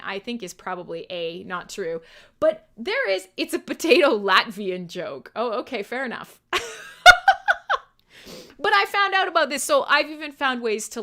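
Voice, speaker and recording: A woman's voice: a little high, sharp tone. A woman hosting a metal radio show, chatting casually on a live stream, giggly, profane and rambling.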